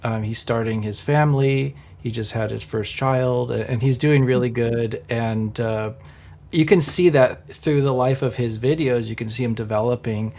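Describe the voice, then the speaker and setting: A man's voice: medium pitch, fairly even intonation, moderate pace, darkish tone. An Orthodox Christian man on a livestream panel, speaking earnestly and encouragingly, with lots of fillers. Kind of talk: casual livestream discussion.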